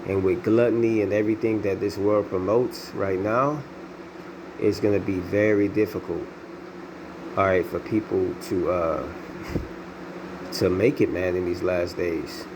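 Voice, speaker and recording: A man with a very deep voice preaches from scripture, reading verses and then explaining them in an easygoing, repetitive way. He keeps tagging his points with casual check-ins. A steady hiss runs under the recording. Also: unhurried. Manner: loose and repetitive, tags lines with "man, all right?". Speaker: bible teacher.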